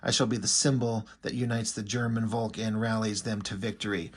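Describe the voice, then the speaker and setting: A man's voice: fairly low pitch, level tone, brisk, husky, pitched below the performer's own voice. A man reading the lines of a cold, arrogant female villain from a comic book in his own voice. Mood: haughty. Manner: reads comic dialogue in own voice.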